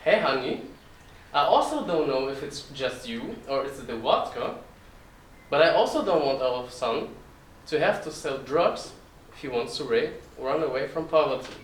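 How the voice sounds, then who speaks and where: A man's voice: medium pitch, expressive, normal speed, slight background noise, lightly acted. A young man voicing his mother in a heavy Russian accent, firm and raised, recorded in a roomy space from a distance.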